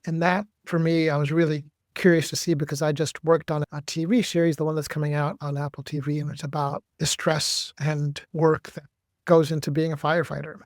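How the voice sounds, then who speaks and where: A man's voice: on the high side, flat delivery, no room sound, clean studio sound. Reflective actor, man. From United States. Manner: reflective, measured storytelling. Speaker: guest, actor and director. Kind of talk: podcast interview.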